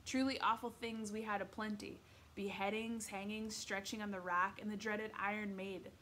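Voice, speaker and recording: A woman's voice: mid-range voice, little pitch movement, normal speed, sharp tone, a little hiss or hum, lightly acted. Woman voicing a pompous old-fashioned boy ghost. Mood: grandly insistent. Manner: archaic, theatrical phrasing. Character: pompous teenage boy ghost from Shakespeare's era. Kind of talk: read-aloud storybook voice.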